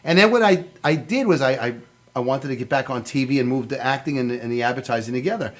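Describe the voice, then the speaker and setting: A man's voice: mid-range voice, fast talker. A man as a talk show guest, chatting casually and acting out quoted dialogue as he tells his story. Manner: chatty, laughs often, acts out quoted dialogue.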